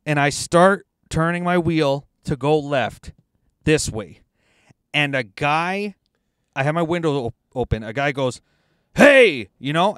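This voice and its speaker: A man's voice: a little high, a bit bright, smooth, no room sound, studio quality. A man, co-hosting a podcast from inside a car, telling a profane, ranting story in casual chat. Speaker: podcast co-host.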